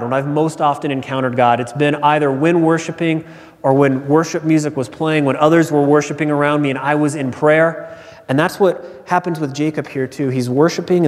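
A man's voice: medium pitch, a little mellow. A male pastor preaching a sermon in earnest, stressing key phrases by repeating them. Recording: long hall reverb.

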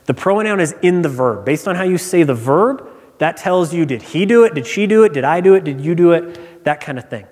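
A man's voice: fairly high pitch, expressive, brisk, darkish tone. A male pastor giving a conversational sermon, telling personal stories and explaining scripture. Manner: conversational preaching with personal anecdotes. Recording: long reverb of a large hall.

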